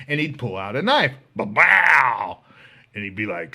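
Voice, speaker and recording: A man hosting a podcast, casually telling a story, animated and profane, acting out the voices of people he quotes. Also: medium pitch, normal speed, gravelly. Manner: animated, swears freely, acts out quoted voices. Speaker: podcast host.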